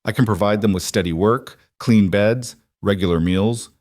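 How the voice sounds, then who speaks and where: A man's voice: lowish voice, normal speed, darkish tone, no room sound, natural voice. Guy voicing a smug rich bully, blunt and sneery, a bit raised, dry sound. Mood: sneering. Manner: blunt, sneering, falsely sympathetic. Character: smug wealthy middle-aged man, sneering bully.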